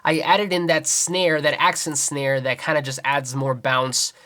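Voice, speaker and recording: Over his beat playing in the background, a young man gives a tutorial walkthrough, breaking down each layer and counting out the rhythm. He speaks at a measured pace with a flat delivery, in a high-leaning, pushed, bright voice.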